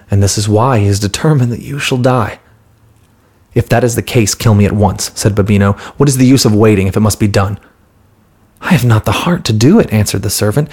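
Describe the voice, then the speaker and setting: Husky low-voiced male storyteller. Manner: calm, steady storytelling with light voices for characters. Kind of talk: scripted storybook narration.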